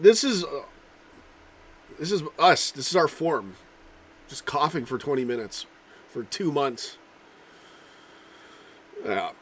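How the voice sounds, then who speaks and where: A man's voice: a little high, husky. Coughing man hosting a live football chat. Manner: rambling, swears, reads out chat comments. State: coughing and clearing throat. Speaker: livestream host.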